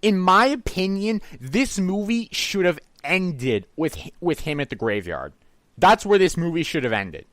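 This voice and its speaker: Blunt man, higher voice, dry sound. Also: very animated, unhurried, fairly bright tone, dry recording. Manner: blunt, emphatic, repeats his complaints. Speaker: co-host of a movie review show. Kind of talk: casual review chat.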